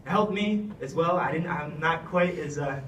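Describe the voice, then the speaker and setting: A man's voice: a little high, normal speed, fairly bright tone, a little hiss or hum. Earnest young man, echoey distant speech. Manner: earnest, rambling, many fillers. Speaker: retiring wrestler giving a thank-you speech. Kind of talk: heartfelt speech. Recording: echoey room, speaker far from mic.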